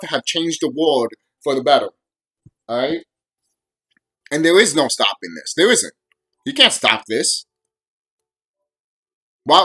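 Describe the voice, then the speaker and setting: A man's voice: a little high, sharp tone, slightly rough. A young man ranting to camera on his video channel, heated and full of profanity and repeated phrases. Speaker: vlogger.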